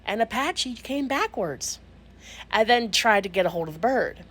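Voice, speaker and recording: A woman telling a funny personal story in an animated, self-mocking way, with punchy comic timing. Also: fairly high pitch, normal speed, slightly rough.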